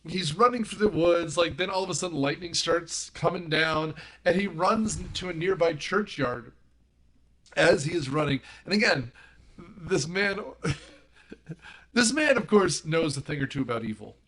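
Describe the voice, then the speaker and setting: A man's voice: on the high side, expressive, unhurried, a bit bright. A man on a movie podcast panel, animatedly retelling film scenes and giggling as he talks. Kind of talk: casual movie discussion.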